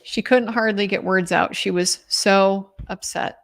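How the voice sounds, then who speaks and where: A woman's voice: medium pitch, fairly even intonation, a little slow, vocal fry. A woman commentator giving a casual, chatty recap of a trial, with many restarts and quoted lines.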